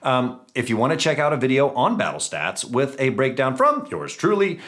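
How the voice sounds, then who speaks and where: A man hosting a gaming channel, giving chatty, self-mocking commentary on a battle with playful jumps in pitch. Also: big pitch swings, moderate pace, fairly bright tone. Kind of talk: casual game commentary.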